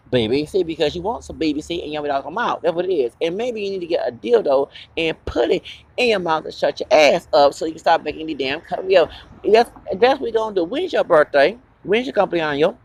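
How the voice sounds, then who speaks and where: A man's voice: a little high, creaky. A man hosting his own channel, delivering an angry, profane and rambling confrontational vlog rant. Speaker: channel host.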